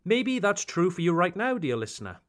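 A British man hosting a language lesson podcast, speaking slowly and emphatically like a teacher and drawing out example phrases. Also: high-pitched, big pitch swings. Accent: British English. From Britain. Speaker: English teacher, podcast host.

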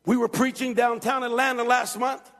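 A man's voice: extremely high pitch, level tone, normal speed, vocal fry, fairly bright tone. A male pastor preaching an emphatic, repetitive sermon in a church. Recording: long church-hall reverb.

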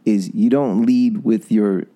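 A man's voice: fairly low pitch, takes it slowly, dark tone, poor audio. A middle-aged man giving relationship advice as a podcast guest, coaching emphatically and acting out example lines.

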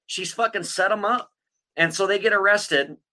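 A man's voice: sits high, moderate pace, bright, forceful tone. A man hosting a podcast, telling a true-crime story in a casual, blunt way, swearing constantly and laughing often. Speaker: podcast host.

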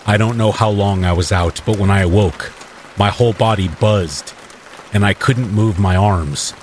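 A man narrating a horror story in the first person, in a measured and dramatic manner. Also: on the low side, noisy background. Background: rain.

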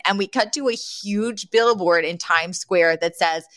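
A woman's voice: mid-range voice, a little slow, hardly any pauses. Woman podcast cohost chatting, laughs a lot, acts out the quotes, mid voice. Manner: animated retelling, acts out quoted lines, laughs often. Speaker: podcast co-host. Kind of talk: casual chat recapping a sitcom episode.

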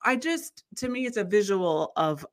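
A woman's voice: mid-range voice, normal speed. A woman in her thirties from the United States, chatting casually as a podcast co-host and retelling her own story with lots of restarts. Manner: animated storyteller, restarts often, rises to exclaim. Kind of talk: casual chat.

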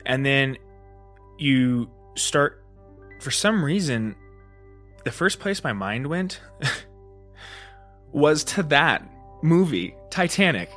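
A man hosting a solo podcast, telling a story in a rambling, casual way, full of fillers and restarts, and lively when he acts out the moments. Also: a little high, takes it slowly, long pauses, soft background music. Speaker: podcast host.

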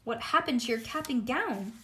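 A woman voicing an eager, sweet little girl who talks breathless and excited. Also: fairly high pitch, moderate pace, slight background noise, voice pushed up.

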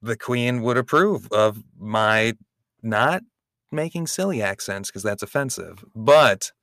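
Bright-voiced playful man. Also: on the low side, lively intonation, slow pace, no room sound, clean studio sound. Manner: playful, jokey, reads articles aloud. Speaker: podcast co-host. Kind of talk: casual chat.

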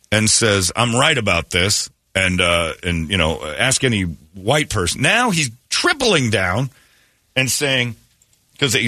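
A man in casual comedic chat, riffing animatedly and jumping into high mocking voices for bits. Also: pushed and bright, no echo.

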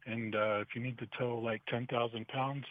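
Halting caller on a tinny phone line. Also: male voice, medium pitch, level tone. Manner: halting, many fillers. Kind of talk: phone-in chat.

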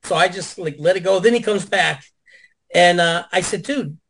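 Male guest on a video call, pitched a bit high, an animated and salty storyteller. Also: normal speed, creaky, poor audio. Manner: animated, profane, acts out quotes.

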